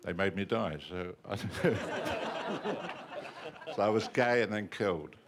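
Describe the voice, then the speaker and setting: A man's voice: on the low side, big pitch swings, slow pace, heavy background noise. A man who is an actor, telling wry, self-deprecating anecdotes on a panel.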